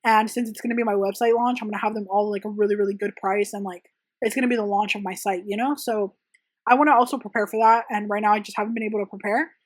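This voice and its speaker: A woman's voice: mid-range voice, steady tone, fast talker, dry recording. A young woman who makes press-on nails, chatting casually and rambling through viewer questions with many "like" and "um" fillers. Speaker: press-on nail artist and channel host. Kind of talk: chatty Q&A vlog. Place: her home room.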